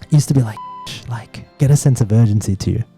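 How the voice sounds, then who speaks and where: A man in his thirties thinks out loud in a relaxed conversation, candid and a little rambling as he searches for the point. His voice sits dark and mellow, with quiet music playing underneath. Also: mid-range voice, fast talker. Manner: candid, rambling, self-reflective. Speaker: podcast co-host. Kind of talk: casual conversation with his partner.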